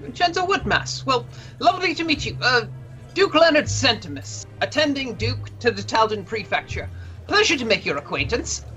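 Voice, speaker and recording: A worn-out half-elven duke voiced by a woman speaks in a dry, formal, slightly superior way, like a meticulous official. The tone stays bright and forward. Faint music plays underneath. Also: on the high side, very animated, moderate pace, low-quality recording. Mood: dryly formal. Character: weary, fussy half-elven male duke, thorough bureaucrat. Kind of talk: tabletop role-play voicing.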